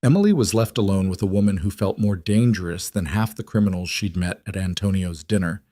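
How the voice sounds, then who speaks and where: Low-voiced man narrating a romance story. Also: fairly quick, dark tone, no room sound, clean studio sound.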